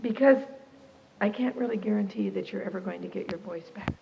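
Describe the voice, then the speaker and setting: A woman voicing a calm, soothing male surgeon who speaks carefully and hesitantly. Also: medium pitch, brisk, gravelly, long reverb tail, dull audio, lightly acted. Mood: grave, gentle.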